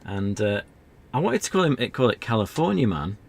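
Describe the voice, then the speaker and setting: A man's voice: on the low side, sing-song, brisk, vocal fry, a little hiss or hum. A man streaming an old adventure game, chatting casually in a rambling, self-deprecating way. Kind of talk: casual gameplay commentary.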